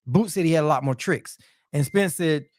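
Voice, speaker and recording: A boxing talk show host, a man, runs a casual live-stream chat in a loose, repetitive way, tossing "man" and "you know" into almost every sentence. His voice is slightly high and a bit mellow, at a normal speed, recorded dry.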